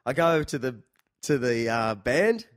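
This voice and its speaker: A man hosting a podcast, telling stories in an animated, casual way. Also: medium pitch, normal speed, no room sound, clean studio sound. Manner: animated storyteller. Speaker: podcast host. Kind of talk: casual chat.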